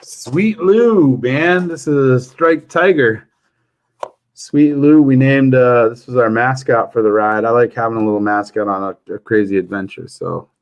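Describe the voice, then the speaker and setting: A man's voice: medium pitch, measured pace. Joking man telling a story. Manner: jokey storytelling, chuckles often. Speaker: livestream host. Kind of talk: casual chat.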